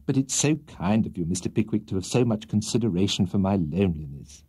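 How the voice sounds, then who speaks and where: A man's voice: fairly low pitch, animated, brisk, mellow, breathy edge, no room sound, studio quality. A man voicing an emotional, tearful middle-aged landlady in a storybook reading, gushing and breathless. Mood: fluttery.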